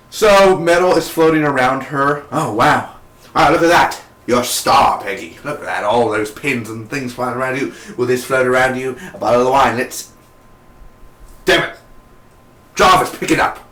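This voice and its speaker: A man's voice: mid-range voice, fairly bright tone. Guy rambling thru a tv episode review, slangy and offhand, echoey room. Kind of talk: casual recap review. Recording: roomy echo.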